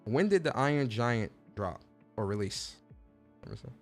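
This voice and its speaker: Chatty, animated man. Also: mid-range voice, normal speed, soft background music. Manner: animated, chatty, slangy, reacting to chat. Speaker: podcast host. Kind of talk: casual livestream chat.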